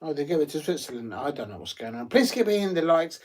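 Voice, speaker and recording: A man hosting a live football watch-along, chatty and rambling with many fillers and sudden bursts of excitement. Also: on the high side, quick pace.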